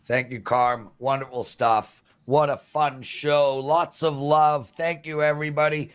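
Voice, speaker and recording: Man in his 50s, betting show host, salesy, boastful, slightly high voice. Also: fairly even intonation, measured pace, smooth. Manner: salesy, pitching promos and boasting of wins. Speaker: host and sports handicapper. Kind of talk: sports betting picks show.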